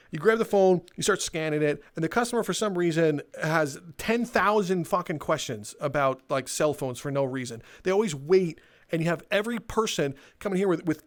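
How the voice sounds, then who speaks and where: A young man telling a sarcastic, exasperated, swear-filled comedic rant as he walks around. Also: high voice. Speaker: comedic storyteller. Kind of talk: profane comedic rant, walking tour.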